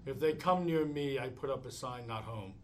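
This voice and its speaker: A man teaching meditation in a live talk, telling stories in an animated way and chuckling often while answering questions. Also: mid-range voice, moderate pace, slight background noise.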